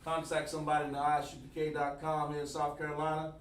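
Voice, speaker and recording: A man's voice: on the high side, monotone, quick pace. Man teaching a live-streamed language lesson. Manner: repetitive, coaching, asks the chat for feedback. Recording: echoey room, distant mic, faint noise.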